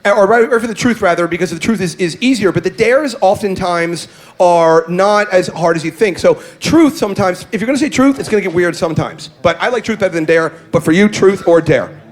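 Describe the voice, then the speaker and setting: A man's voice: high-pitched, a little fast. A man on stage at a live comedy podcast, holding forth loosely and crudely. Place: live show on stage before an audience.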